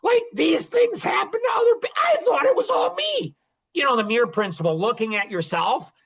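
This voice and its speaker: A man in his sixties with a notably high-pitched voice talks through a casual monologue. He is emphatic and rambling and circles back on his own phrases. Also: big pitch swings, normal speed, creaky, fairly bright tone. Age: 60s. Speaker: podcast host.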